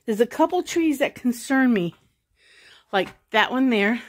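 Musing aloud as she circles her house outdoors, this vlogger rambles casually to the camera. She's a bit high-pitched and expressive, talking slightly slowly, and the sound carries no echo.

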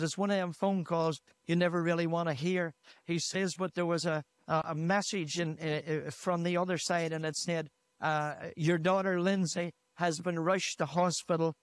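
A man's voice: high-pitched, no echo. A man from Northern Ireland preaching a sermon in a church, retelling a story with repeated "he said" and rising to fervent emphasis. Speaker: pastor. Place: church hall. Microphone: handheld microphone.

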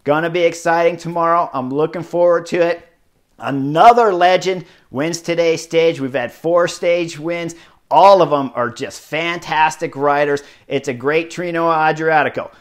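A middle-aged man giving casual, excited analysis of a bike race, stressing points with emphatic repetition. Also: a little high, moderate pace. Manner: excited, emphatic, piles up rider titles.

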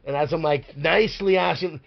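A man's voice: fairly high pitch, fairly quick, gravelly, muffled recording. A man who is a podcast guest and pro wrestler, telling a rambling, profane story with lots of filler words. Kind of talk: casual storytelling.

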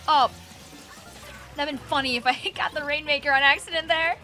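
A young woman streamer giving excitable, teasing commentary on her own gameplay from a desk microphone at home. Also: high-pitched, moderate pace, pauses often, faint music behind. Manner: playful, teasing, squealing and laughing often. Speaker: gaming streamer.

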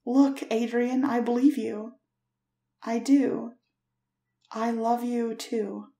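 A woman giving voice to a guarded young woman, wry and quick to tease, in a fan-made storybook reading. The voice is fairly high and mellow, with a roomy echo. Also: level tone. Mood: anxious.

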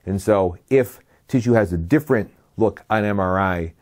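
A man's voice: lowish voice, normal speed, a little mellow. A man giving a slide lecture as a medical lecturer. He lists terms one by one in a methodical way and adds brief dry asides.

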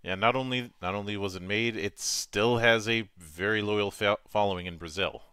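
A man's voice: fairly low pitch, normal speed, pushed and bright, clear, resonant tone. A man hosting a casual interview, often stumbling and restarting his words. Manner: stammering restarts, repeats words. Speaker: host.

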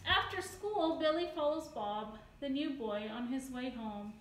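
A woman reading a children's picture book aloud, slowly and clearly, with playful emphasis. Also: sits high, fairly bright tone. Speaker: storybook reader. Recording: echoey room, distant mic, faint background noise.

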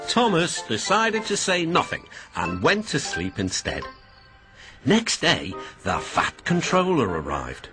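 Brief: British storybook narrator, very animated, lively pitch, music bed. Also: male voice, slow pace. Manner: very animated and expressive. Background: background music.

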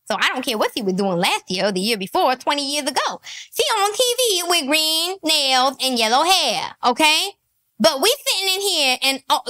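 A woman's voice: sits high, pushed and bright. A woman giving sassy, mocking comedy commentary, laughing often at her own jokes.

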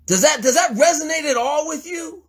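A man's voice: very high voice, normal speed. A man mentoring a caller in a blunt, profane, confrontational lecture. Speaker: host mentor.

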